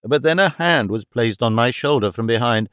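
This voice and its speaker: A man narrating a detective story in the first person, even and clear. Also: mid-range voice, normal speed, dry recording, clean studio sound. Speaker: audiobook narrator.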